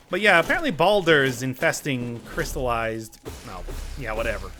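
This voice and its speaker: Man, game commentary, bright voice, lively swings in pitch, joking, casual. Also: moderate pace, slight background noise. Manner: animated, joking, talks to game characters. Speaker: gaming let's-player.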